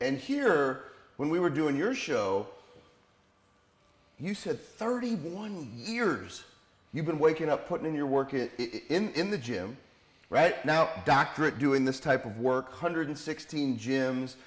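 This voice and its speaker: A man's voice: on the high side, very animated, takes it slowly. Emphatic male podcast host, roomy sound. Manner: emphatic, building up to his questions. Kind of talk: interview questions. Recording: roomy echo.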